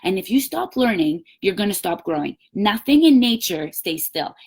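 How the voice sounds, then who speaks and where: A woman's voice: mid-range voice, very animated, moderate pace, a little mellow, husky. A woman giving a live-streamed sales coaching talk as team leader, emphatic and upbeat, acting out little quoted chats. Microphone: webcam or phone, live stream.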